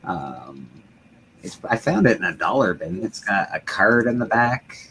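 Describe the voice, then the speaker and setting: A man in casual chat on a comic book podcast, calmly describing a comic he found and giving short, relaxed replies. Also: on the low side, unhurried, slight background noise, low-quality recording. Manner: relaxed, brief laughing replies.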